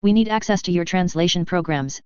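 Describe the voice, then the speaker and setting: Plainly and matter-of-factly, a narrator explains things in the role of a small, practical female alien wearing a suit. The natural voice is medium in pitch, a little fast, slightly mellow and smooth, with no room sound and the highs cut off.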